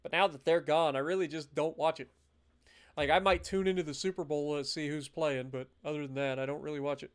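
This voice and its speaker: A man giving casual, animated live commentary as he plays a strategy game, ranting now and then in mock outrage. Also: on the high side, brisk, smooth. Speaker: gaming streamer.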